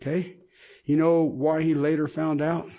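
A man's voice: a little high, little pitch movement, a little slow, dark tone. A middle-aged man preaching a sermon, emphatic and asking the congregation questions.

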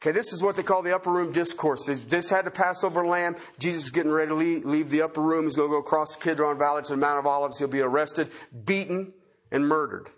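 A man preaching a sermon in a folksy way, swinging from loud emphatic points to quiet chuckling asides. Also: a little high, steady tone, fast.

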